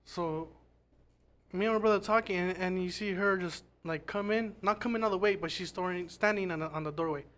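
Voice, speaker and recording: A man's voice: high-pitched, brisk, fairly bright tone. A man telling a ghost story in casual, rambling podcast chat, swearing often and restarting his sentences. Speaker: podcast guest.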